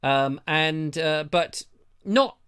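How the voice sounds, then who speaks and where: A man's voice: on the high side, drawn-out words, a bit bright, clean tone. A man from hosting a live show, rambling in a chatty, self-mocking way with a slightly dry throat. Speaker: show host. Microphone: lapel mic.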